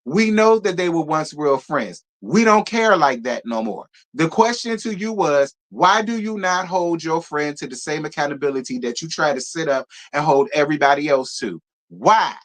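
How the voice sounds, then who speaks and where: A man's voice: fairly high pitch, lively intonation, moderate pace, hardly any pauses, a bit bright. Sassy, profane man recapping reality TV. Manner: blunt, sassy, profane commentary; talks straight to his viewers, thanks donors. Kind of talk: live reality show review.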